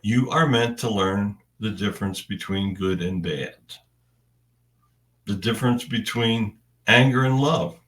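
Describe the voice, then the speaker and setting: Speaking in the first person, a man with a fairly low, slightly bright voice delivers a spiritual message very slowly and without hurry. His phrases are deliberate and halting, separated by long pauses. He is picked up a bit far from the mic.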